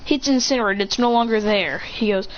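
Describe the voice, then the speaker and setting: A woman excitedly making up a fan story, rambling and tripping over her words. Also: medium pitch, fairly quick, a little hiss or hum. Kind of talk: improvised fan story narration. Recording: muffled lo-fi recording.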